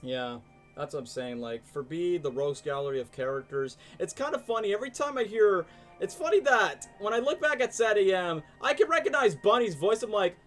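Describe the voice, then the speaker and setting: A man's voice: high-pitched, lively intonation, fairly quick, a bit bright, soft background music. A young man hosting a live stream, chatting casually and animatedly with lots of fillers. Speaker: stream host. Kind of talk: casual chat, ranking shows live.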